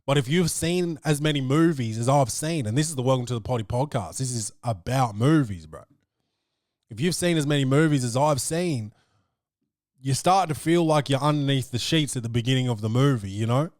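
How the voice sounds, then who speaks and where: A man hosting a comedy podcast, telling a story with loud, animated energy and plenty of swearing. His pitch sits in an ordinary middle range. The sound is dry and close, with no room echo. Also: a little fast. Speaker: podcast host. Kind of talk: comic storytelling.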